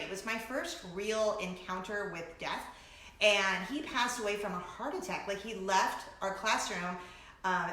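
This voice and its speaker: Middle-aged woman, vlog host, casual chat; bright, animated, laughs a lot; roomy echo. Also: medium pitch. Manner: animated storytelling, breaks into laughter, acts out shrieks. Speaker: vlogger host.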